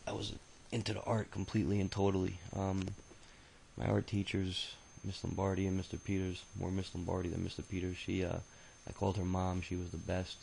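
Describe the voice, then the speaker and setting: A man's voice: low-pitched, completely flat delivery, fairly quick, vocal fry, a little mellow, slight background noise, rough recording. A man in his thirties telling his own life story in a rambling, profane, casual way, full of filler sounds. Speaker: autobiography narrator. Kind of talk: casual spoken memoir storytelling.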